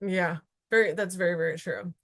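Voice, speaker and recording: Her voice is lowish, steady in tone, and brisk as she chats casually on an interview podcast. She's a guest entrepreneur in her thirties who talks with earnest animation and keeps checking in with "right?".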